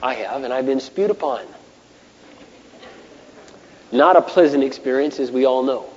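A man preaching a sermon as pastor, impassioned, dropping to hushed asides and rising to shouted bursts. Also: mid-range voice, unhurried. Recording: muffled echoey hall.

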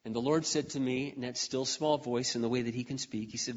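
A middle-aged man preaching a sermon, telling a personal story earnestly, with frequent throat clearing and fervent outbursts. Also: medium pitch, steady tone, a little fast, hardly any pauses. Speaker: pastor. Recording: dull recording with long hall reverb.

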